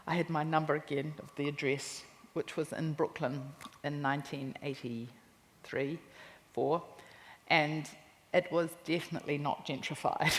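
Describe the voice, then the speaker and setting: A woman with a New Zealand accent, a cookbook author telling lively anecdotes in a stage interview at a live festival talk. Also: low-pitched, unhurried. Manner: animated anecdotes with quoted voices and laughter. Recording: reverberant hall with faint noise.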